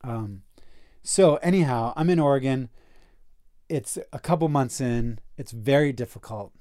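A man telling a personal story as a podcast guest, earnest and animated, often saying "like" and correcting himself mid-sentence. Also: medium pitch, measured pace. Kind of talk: casual storytelling in a podcast conversation.

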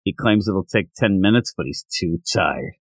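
A middle-aged man co-hosting a podcast, recapping a manga chapter in casual chat, animated and dropping into silly voices when quoting characters. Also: low voice, moderate pace, slightly rough, dry recording. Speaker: podcast co-host.

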